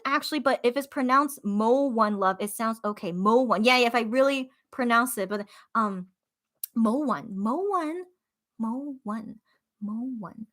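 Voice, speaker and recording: A woman hosting a casual live stream, chatting with viewers, thinking out loud and repeating phrases to herself with frequent giggles. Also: a little high.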